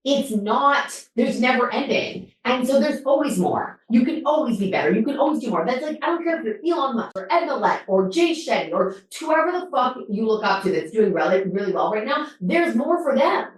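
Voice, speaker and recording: A woman guest on a podcast in casual chat, animated and swearing, with many fillers. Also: a little high, fairly quick, hardly any pauses, far from the mic. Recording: very roomy, from off mic.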